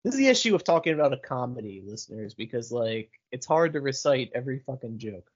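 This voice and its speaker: A man's voice: medium pitch, sing-song, fast, husky. A man co-hosting a podcast, chatting casually about a comedy film, swearing freely and searching aloud for lines. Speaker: podcast co-host. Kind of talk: casual movie recap chat. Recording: dull lo-fi sound.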